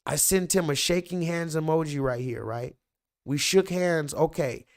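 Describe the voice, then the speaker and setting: A man's voice: fairly high pitch, unhurried. Livestream host, male, casual and heated, tells the story straight to the audience. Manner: animated, profane ranting.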